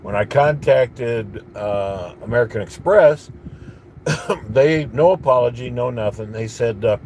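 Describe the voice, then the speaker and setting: A man's voice: mid-range voice, a little slow, a little mellow, a little hiss or hum. A man ranting bitterly in a casual monologue, rambling with restarts and coughing at times. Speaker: vlogger.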